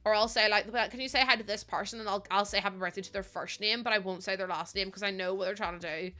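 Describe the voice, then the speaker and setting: A woman's voice: medium pitch, steady tone, quick pace, pushed and bright. A young woman with a Northern Irish accent, chatting casually to her live stream audience, laughing often and swearing now and then. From Northern Ireland.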